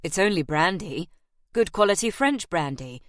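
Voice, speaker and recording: A woman narrator voicing a firm, protective young gentleman in an audiobook. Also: lowish voice, animated, moderate pace, no room sound, clean studio sound, close to an everyday voice. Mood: coaxing. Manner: firm, soothing. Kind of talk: audiobook character voice.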